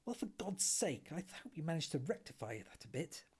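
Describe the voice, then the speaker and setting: A man, reading aloud in a soft ASMR style and voicing a panicky, indignant young Englishman in a breathy voice. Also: very animated, a little fast. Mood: anxious. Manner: shrill, outraged, disbelieving.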